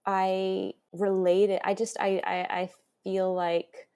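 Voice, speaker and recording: A woman's voice: mid-range voice, level tone, slow pace, smooth. A woman speaking as a voice actor guest in an interview, reflective and given to laughing. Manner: warm, reflective, laughs often. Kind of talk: conversational interview.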